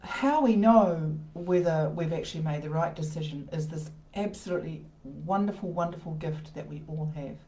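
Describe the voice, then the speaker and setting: A woman's voice: sits low, moderate pace, hardly any pauses, warm tone. A woman hosting an informal motivational talk from her conservatory, rambling with restarts and asides. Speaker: host of a live self-help talk. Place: home conservatory. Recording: roomy echo of a conservatory.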